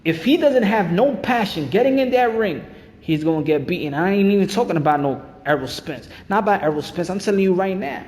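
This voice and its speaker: A man's voice: sits high, animated, a little fast, darkish tone, long reverb tail. A man hosting a boxing channel, ranting in fired-up, repetitive commentary.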